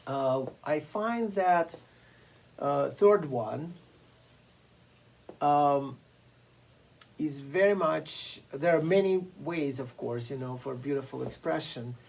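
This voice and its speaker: A piano teacher giving a masterclass lecture, explaining slowly and deliberately with frequent fillers and pauses. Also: mid-range voice, vocal fry, a little mellow, rough recording. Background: occasional piano playing.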